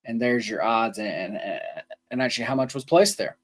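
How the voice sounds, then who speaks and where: A man who co-hosts a sports betting podcast and talks through bets in a loose, rambling way. His voice sits at an average pitch for a man, and he often restarts his sentences. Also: normal speed. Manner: casual, rambling, many ums and restarts. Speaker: co-host.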